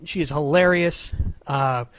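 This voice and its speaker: A man's voice: fairly high pitch, a little slow, a bit bright, slight background noise. A man hosting his podcast in a casual, joking, rambling, self-deprecating chat with a remote co-host. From Southern Illinois. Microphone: remote call setup.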